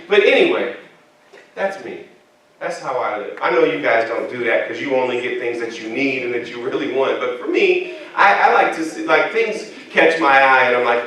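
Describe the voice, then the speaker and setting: A man's voice: medium pitch, moderate pace, slight background noise. A man preaching a sermon as pastor, telling funny stories about himself and bantering with the congregation. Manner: animated, humorous storytelling with congregation banter. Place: church sanctuary. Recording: echoey church hall from a distant mic.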